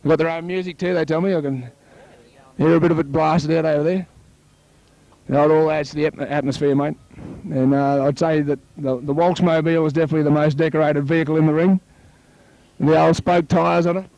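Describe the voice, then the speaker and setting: A man with an Australian accent calling a local rugby league match play by play, chatting with his co-commentator and rising to excited shouts on tries. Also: on the high side, brisk, no room sound, highs cut off.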